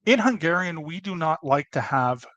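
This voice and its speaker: Chatty man explaining, bright tone. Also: a little high, expressive, normal speed, no room sound. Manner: chatty, explains with asides and restarts. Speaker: presenter. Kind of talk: casual educational talk.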